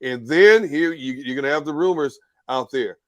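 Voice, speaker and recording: A man on a casual sports talk panel, talking in a measured way and often repeating words as he starts a sentence. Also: a little high, no echo.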